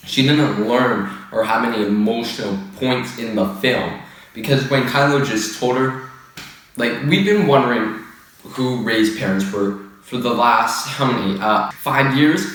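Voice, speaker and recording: A man's voice: medium pitch, a bit bright. A man hosting a casual opinion rant, rambling and exasperated, with lots of filler words. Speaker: video host. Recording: echoey room, far from the mic.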